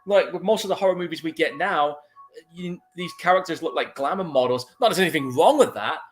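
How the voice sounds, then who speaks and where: A man's voice: fairly high pitch, fairly quick. A man hosting a casual movie commentary podcast, laid-back and easily laughing, reading out chat comments. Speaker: podcast host.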